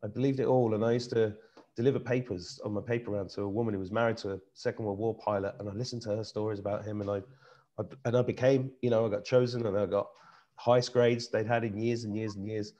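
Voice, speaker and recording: A middle-aged man from Britain, hosting a casual chat and telling a personal story in an earnest, animated way, often restarting his sentences. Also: lowish voice, fast, highs cut off. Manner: earnest, animated, repeats himself while searching for words. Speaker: host.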